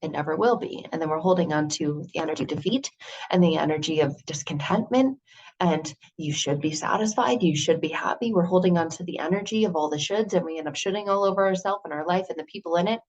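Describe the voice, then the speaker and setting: A woman giving an earnest, animated motivational talk, full of rhetorical questions. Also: fairly low pitch, quick pace, dull audio. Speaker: motivational speaker.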